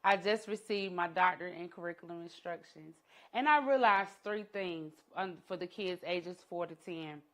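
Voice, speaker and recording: A middle-aged woman shares her personal journey in a conference talk. She tells it dramatically, with her voice falling soft and low at the heaviest moments. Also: normal speed. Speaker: entrepreneur and educator giving a talk. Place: conference room.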